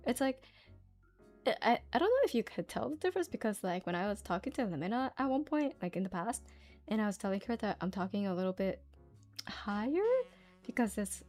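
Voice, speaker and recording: A woman's voice: a little high, darkish tone. A woman streamer chatting casually with her viewers, giggly and full of fillers.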